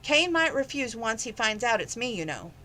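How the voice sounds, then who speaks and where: A woman's voice: fairly high pitch, very animated, moderate pace, bright, forceful tone, a little hiss or hum. A woman reading aloud, voicing an upbeat, persistent young woman with an insistent way of talking.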